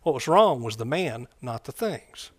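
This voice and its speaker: A man's voice: medium pitch, animated, measured pace. A man preaching a sermon in a conversational way, often repeating phrases and asking the congregation questions.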